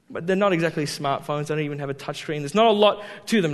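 A man preaching a sermon as a pastor, talking in an animated way that swings from loud emphasis to quiet asides. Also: a little high, fast talker, hardly any pauses, big-room sound.

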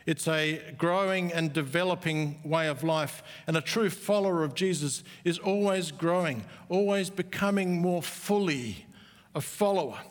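Brief: middle-aged man, pastor, earnest sermon, fairly high voice, echoing hall. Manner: earnest, slow emphatic stresses with warm asides. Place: church auditorium. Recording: echoey church hall.

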